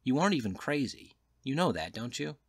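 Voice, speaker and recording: A man's voice: medium pitch, very animated, fairly quick, husky, no echo, clean studio sound, voice pushed up. A man voicing a worldly, cynical male journalist who lectures in a knowing, slightly raised voice, in an audiobook reading. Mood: wry lecturing. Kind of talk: audiobook character voice.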